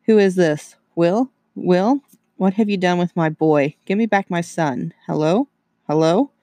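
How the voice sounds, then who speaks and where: A man's voice: high-pitched, unhurried, dark tone, no room sound. A man reading aloud and voicing a worried middle-aged mother who pleads for her missing son. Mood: frantic.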